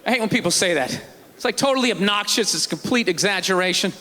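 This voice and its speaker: A man performing a stand-up comedy routine, ranting sarcastically and shouting his punchlines. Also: high voice, lively intonation, fast. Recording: live stage recording with audience and noise.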